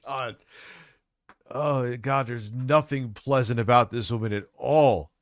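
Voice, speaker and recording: A man in his forties rants crudely, swearing at every turn while sounding stressed and worn out. His voice sits at an ordinary pitch. The sound is close and dry. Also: slow pace, no room sound. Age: 40s. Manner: crude, blunt, swears constantly. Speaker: livestreamer reacting to a video. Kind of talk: profane late-night stream rant.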